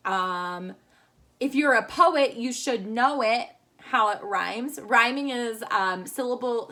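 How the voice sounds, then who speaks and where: Woman, children's teacher, high-pitched, very bright tone, slow and cheerful, phone at arm's length at home. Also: expressive. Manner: cheerful, slow and clear for young kids. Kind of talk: children's video lesson. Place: home room. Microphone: phone camera at arm's length.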